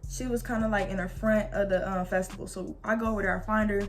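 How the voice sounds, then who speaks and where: A woman's voice: mid-range voice, steady tone, fast talker, faint music behind. A young woman vlogger telling a storytime in a casual, slangy way, acting out the quoted dialogue as she goes.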